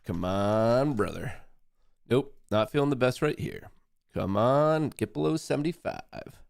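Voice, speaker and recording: A young adult man hosts a live trading stream at a slow, deliberate pace with a middle-range voice. He swears freely and trash-talks his chat, and bursts into loud laughter and shouting when a trade moves his way. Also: medium pitch, gravelly, no room sound, studio quality. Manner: excitable, profane, trash-talking, erupts into yelling and laughter. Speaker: livestream trading host.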